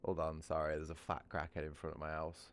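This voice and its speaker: A man's voice: a bass voice, completely flat delivery, fast, smooth. A man chatting casually from home while livestreaming a game, rambling and crude, often restarting his sentences and breaking into laughter. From Britain. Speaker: gaming livestreamer.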